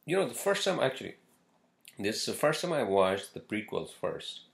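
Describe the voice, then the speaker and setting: A man's voice: on the low side, sing-song, moderate pace, gravelly. A man hosting a casual solo podcast who rambles and swears often, with many fillers and restarts. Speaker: podcast host.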